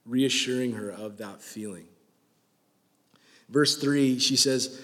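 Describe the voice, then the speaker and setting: Joking young preacher in a reverberant hall. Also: male voice, medium pitch, a little slow. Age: 20s. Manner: joking, conversational preaching with rising excitement. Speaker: pastor. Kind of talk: sermon.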